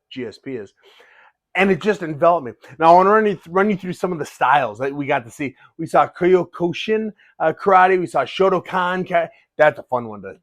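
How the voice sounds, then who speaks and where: A middle-aged man and fighter talking excitedly in a casual vlog, often restarting his sentences. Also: fairly high pitch, no echo. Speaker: fighter and vlogger.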